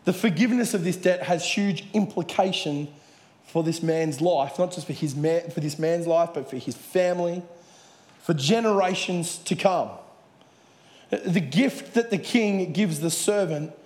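A man's voice: on the high side, unhurried, darkish tone. Preaching man in an echoey hall. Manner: earnest preaching with Bible readings. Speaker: pastor. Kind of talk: sermon. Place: church hall with audience.

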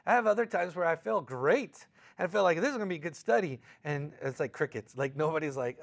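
A man preaching a conversational sermon, casual and animated, acting out quoted voices between frequent fillers. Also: a little high, a little fast, vocal fry, few pauses. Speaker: pastor.

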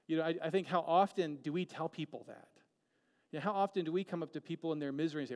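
A man preaching a sermon earnestly, moving between emphatic peaks and hushed, quiet lines. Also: on the high side, fast, in a large hall.

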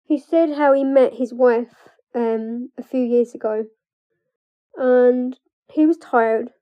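A young adult woman, a coach, speaking candidly and emotionally in a personal vlog, halting at times and breaking into nervous laughs. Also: high-pitched, clear, resonant tone. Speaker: trauma coach. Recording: dull lo-fi recording.

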